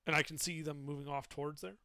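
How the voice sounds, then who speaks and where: Male tabletop player, high and bright, swooping pitch, eager delivery. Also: fairly even intonation, quick pace, dry recording, studio quality. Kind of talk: playing a tabletop game.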